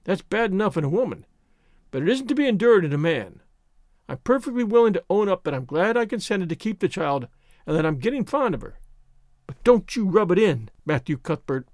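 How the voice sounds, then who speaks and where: A man voicing a stern, practical older woman who speaks briskly and scolds. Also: high voice, very animated, no echo, clean studio sound.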